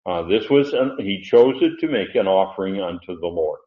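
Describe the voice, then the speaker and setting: A man preaching a sermon, explaining a Bible passage verse by verse in an unhurried, digressive way with many fillers. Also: deep voice, animated. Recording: roomy, muffled.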